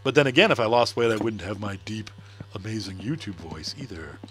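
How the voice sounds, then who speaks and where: A man's voice: on the low side, animated, a little fast. A middle-aged man chatting casually on a game livestream, laughing often and answering viewer comments. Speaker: gaming livestreamer. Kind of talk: casual live-stream chat while playing.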